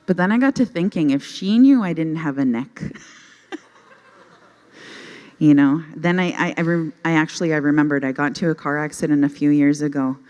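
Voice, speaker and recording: A woman's voice: sits low, moderate pace, darkish tone, lo-fi sound. A middle-aged woman telling self-deprecating comedy stories on stage into a handheld mic, often laughing at her own jokes. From Canada. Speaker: stand-up comedian. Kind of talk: stand-up comedy storytelling. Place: stage at a youth conference, before a live audience. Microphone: handheld microphone.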